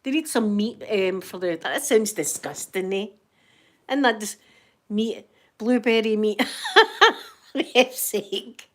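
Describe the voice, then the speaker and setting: A woman's voice: medium pitch, sing-song, takes it slowly, a bit bright. A Scottish woman hosting a casual ASMR stream, chatting to viewers in the chat while she knits and laughing often. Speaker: ASMR livestream host.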